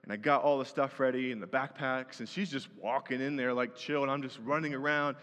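A man's voice: medium pitch, fairly even intonation, fast talker, a bit bright. A man preaching a sermon as pastor, earnest and building to emphatic repeated phrases. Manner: earnest, rising to emphatic repetition. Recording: long hall reverb.

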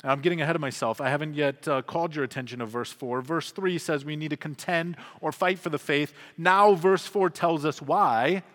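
A man's voice: on the high side, fairly quick, hardly any pauses, a bit bright. Earnest preaching man in a reverberant hall. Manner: earnest, conversational preaching with emphatic swells. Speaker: pastor. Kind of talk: sermon.

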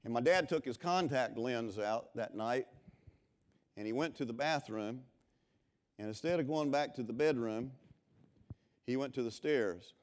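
A man from Florida preaching a revival sermon, swinging between loud impassioned calls and quiet personal storytelling. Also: mid-range voice, unhurried, pauses often. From Florida, USA.

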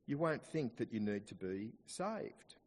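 Australian preacher with a lively voice. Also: male voice, lowish voice, in a large hall. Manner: expressive preaching, slows down to stress quoted scripture. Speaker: pastor. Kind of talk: sermon. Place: church.

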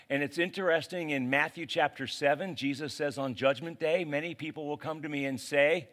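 Animated, casual preaching man. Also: on the high side. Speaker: pastor. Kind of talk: sermon.

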